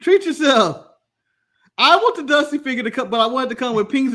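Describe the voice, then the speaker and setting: A podcast co-host from the US talks a little fast in a very high-pitched voice. The watch-along chat is casual, and he stays animated, cracking jokes and laughing often.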